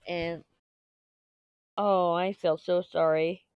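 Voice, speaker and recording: A woman talks on and on while she crafts, often laughing at herself along the way. Her voice sits low and rather deep. It comes through a clip-on mic fixed to her t-shirt, sounding dull and close, with no room echo. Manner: rambling, self-deprecating, quick to laugh. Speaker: diamond painting vlogger. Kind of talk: casual rambling chat while crafting. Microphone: lapel mic clipped to t-shirt. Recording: dull, lo-fi, dry lapel sound.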